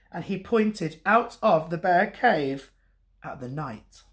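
Gentle, slow-paced man reading a bedtime story. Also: high voice. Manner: warm, gentle and expressive. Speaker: teacher reading to children.

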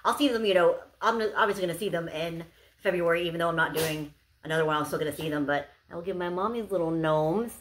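A woman's voice: on the low side, quick pace, fairly bright tone, slight background noise. A young woman chatting casually to camera as she unboxes gifts, gushing and bubbly, with lots of "like"s. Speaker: unboxing vlogger.

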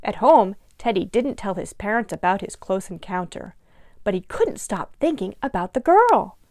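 A woman librarian reading a picture book aloud to young children in an expressive, animated way. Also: mid-range voice, moderate pace, dry recording, clean studio sound. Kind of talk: children's storytime read-aloud.

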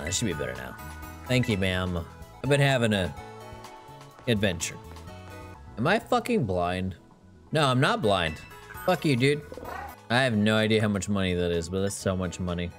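A man giving casual let's play commentary with a lively, swooping delivery, joking, swearing and bantering with the characters on screen. His voice sounds worn, as if he is losing it, and faint game music runs underneath. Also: on the low side. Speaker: gaming YouTuber.

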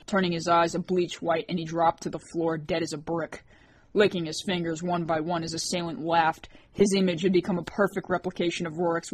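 A woman's voice: on the low side, a little hiss or hum. A woman narrating an audiobook chapter, reading the characters with their own voices. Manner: reads characters with distinct voices.

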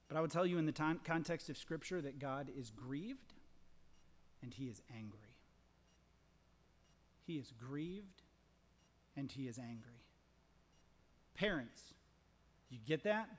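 A middle-aged man preaching a sermon as pastor, impassioned, repeating phrases, swinging from loud emphasis to hushed whispers. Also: fairly high pitch. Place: large church sanctuary. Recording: long church reverb.

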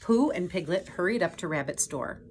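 A woman's voice: lowish voice, lively intonation, normal speed, slight background noise. A woman hosting a children's story time, reading a picture book aloud with chatty asides to young viewers. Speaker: storyteller host.

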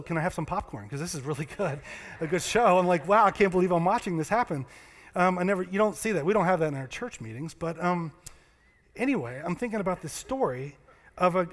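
High-voiced man preaching with hall reverb. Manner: conversational storytelling preacher, acts out voices. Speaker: pastor. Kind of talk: sermon. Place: church sanctuary.

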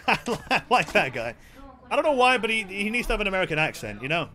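Animated high-voiced male streamer. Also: fast talker. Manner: animated, swears, laughs a lot. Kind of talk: let's-play commentary and reading game lines aloud.

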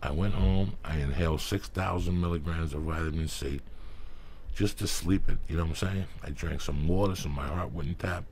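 A man hosting his podcast, reading sponsor ads in a loud, emphatic, profane, rambling way. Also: low-pitched, normal speed, slight background noise. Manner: loud, emphatic, swears freely. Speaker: podcast host.

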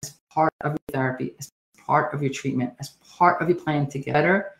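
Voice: mid-range voice, a little fast, creaky, a bit bright, slight background noise. A nurse practitioner giving a health education talk in a chatty, emphatic way, with joking asides. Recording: roomy echo.

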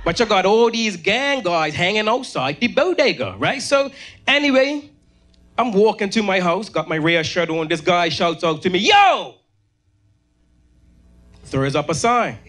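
Man, Bermudian accent, stand-up comedian, high voice, bright tone, animated storytelling, stage mic. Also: normal speed. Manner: animated, shouts gang voices high and loud. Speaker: opening comedian.

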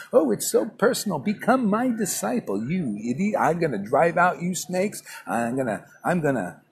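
Brash scolding man, lively gravelly voice. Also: sits high. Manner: brash, scolding, colloquial, keeps saying "man". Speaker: spiritual teacher. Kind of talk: informal morning class talk. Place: public place.

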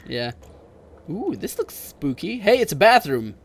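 A woman's voice: lowish voice, sing-song, unhurried. A woman hosting a gaming video, joking casually with a friend as they play. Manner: joking, goofy, laughs loudly. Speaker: gaming channel host. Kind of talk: casual co-op gameplay chat.

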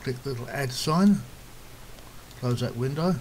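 A man with a mid-range voice talks a viewer through a software task one step at a time. His delivery is plain and unhurried, with the odd throat-clear. A faint hiss sits under the recording. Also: medium pitch, low-quality recording. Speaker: software tutorial presenter. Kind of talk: step-by-step screen tutorial.

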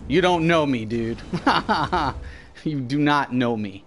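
A man's voice: medium pitch, normal speed, a little hiss or hum. A young man streaming a game live, commenting on play and ranting at his chat with heavy swearing. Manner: profane, ranting, addressing chat.

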